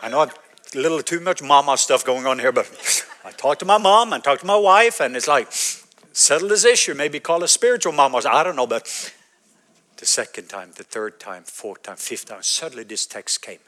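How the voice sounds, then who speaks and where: A Norwegian man in his fifties with a Norwegian accent, preaching a sermon as an animated storyteller. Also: medium pitch, normal speed. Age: 50s. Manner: animated storytelling, acting out his own quoted words.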